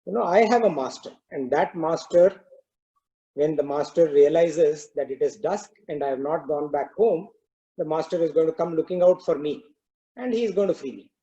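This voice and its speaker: A man voicing a calm, wise female cow who speaks thoughtfully and patiently in a story. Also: a little high, normal speed, muffled recording, natural voice. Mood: calmly confident.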